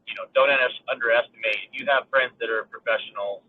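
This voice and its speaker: A man's voice: mid-range voice, steady tone, fast talker. Man on a tinny phone line. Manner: enthusiastic, chatty, laughs between points. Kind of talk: casual podcast talk.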